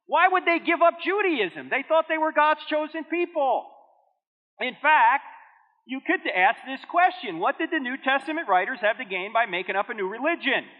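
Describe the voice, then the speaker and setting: Man, 50s, animated apologetics speaker; tinny, roomy hall recording. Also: high voice. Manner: animated storytelling with jokes and acted dialogue. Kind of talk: church seminar talk. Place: church hall with audience. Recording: echoey hall on a tinny phone-like line.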